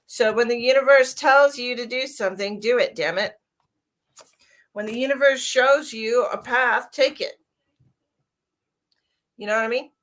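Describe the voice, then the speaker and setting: Woman, middle-aged, casual live-stream chat, giggly, rambling, a little high-pitched. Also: unhurried, long pauses, fairly bright tone. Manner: chatty, giggly, rambling, calls viewers darling. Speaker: psychic medium host.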